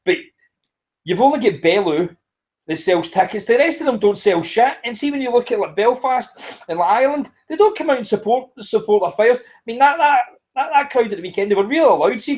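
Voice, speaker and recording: A man with a high voice rants through a casual podcast chat. He is blunt, swears constantly and builds himself into a fury as he goes. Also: lively intonation, fast talker, darkish tone, low-quality recording. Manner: ranting, blunt, heavy swearing. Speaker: podcast co-host.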